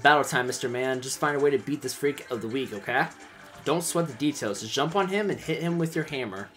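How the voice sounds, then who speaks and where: A man voicing a feisty, sharp-tongued young female adventurer in a game, defiant and scornful. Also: medium pitch, a little fast, soft background music, lightly acted.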